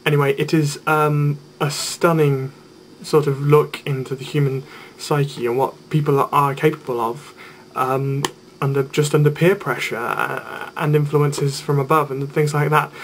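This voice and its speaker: A man's voice: on the high side, fairly even intonation, normal speed. Young man, vlogger, playful and rambling delivery, light faint background hiss. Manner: playful, rambling, jokey asides. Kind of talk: casual vlog chat.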